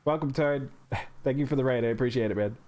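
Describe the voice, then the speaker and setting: A male streamer gives live gameplay commentary, chatting as he plays, reacting to chat, greeting viewers and thanking them. His voice is medium-pitched, fast and darkish in tone.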